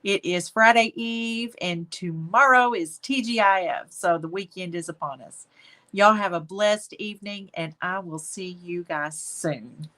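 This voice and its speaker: A woman's voice: on the low side, unhurried. A woman hosting a live painting stream, chatting affectionately with viewers as she wraps up. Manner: warm, affectionate, chatty, says y'all. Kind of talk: casual live-stream chat.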